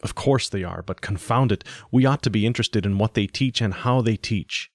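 An earnest male school doctor pleads, urgent and exasperated, in a storybook reading, as a man puts him on. The voice is very low and close, with a dry sound. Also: normal speed, dry recording, close to an everyday voice.

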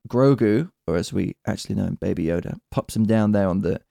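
A man hosting a casual podcast chat, lively and acting out quoted lines in little voices. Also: fairly low pitch, a little fast, vocal fry, dry recording, clean studio sound. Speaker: podcast host.

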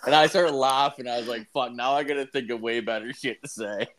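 A man's voice: mid-range voice, steady tone, brisk, crowd noise. A young man co-hosting a podcast, rambling and swearing constantly as he retells a story, jumping into a raised voice for the quotes. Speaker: podcast co-host. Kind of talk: casual profane chat.

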